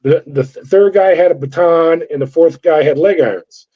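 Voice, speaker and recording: A man's voice: fairly high pitch, normal speed. A middle-aged man, a former corrections officer, telling a story in an interview and acting out the voices of the people in it. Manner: animated storyteller acting out dialogue. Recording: dull lo-fi sound.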